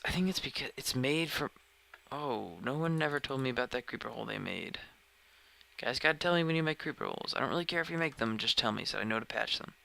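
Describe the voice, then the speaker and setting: Recorded roughly on a dedicated desk microphone at home, a man live-streams a game and chats in a casual, rambling way, often veering off mid-sentence. His medium-pitched voice is creaky with a sharp tone.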